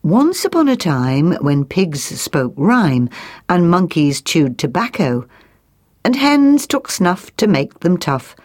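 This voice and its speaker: A woman reading a children's folk tale aloud as storyteller, slow and expressive. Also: on the low side.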